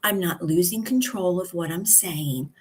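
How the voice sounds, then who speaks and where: A husky-voiced woman teaches public speaking in a live video session. She talks slowly and calmly, leaving deliberate pauses between her points. Her tone is steady and instructive, like a coach walking a class through each tip. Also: fairly low pitch. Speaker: communication coach. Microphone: live video stream.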